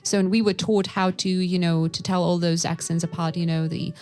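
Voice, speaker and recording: A woman from Russia, co-hosting a casual podcast chat and telling lively anecdotes with quoted dialogue. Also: lowish voice, fairly quick, faint music behind. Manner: animated storyteller who acts out quoted dialogue. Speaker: podcast co-host, English teacher.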